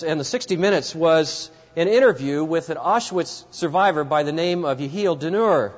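A man preaching a sermon, telling a story vividly and speaking directly to his listeners. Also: a little high. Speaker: pastor. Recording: dull lo-fi recording with long hall reverb.

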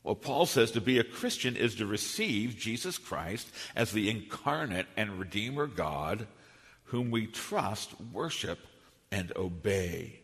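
Low husky preacher in an echoing hall. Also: male voice, lively intonation, fairly bright tone. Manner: earnest teaching cadence, slows to stress key phrases. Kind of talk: expository sermon. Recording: long reverb of a large hall.

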